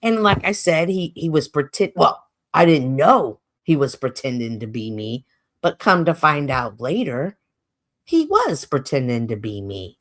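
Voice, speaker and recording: A woman hosting her own livestream, speaking from a home streaming setup. Her voice sits on the lower side but swings widely in pitch. She is animated and expressive, and laughs often as she talks. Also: a little slow. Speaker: livestream host. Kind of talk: casual livestream monologue.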